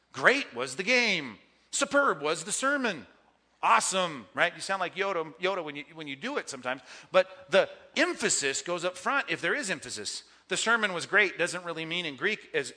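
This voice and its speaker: A man's voice: a little high, pushed and bright. A man, a pastor, teaching Bible Greek grammar in a sermon, emphatic and joking, checking in with "okay?" and "right?".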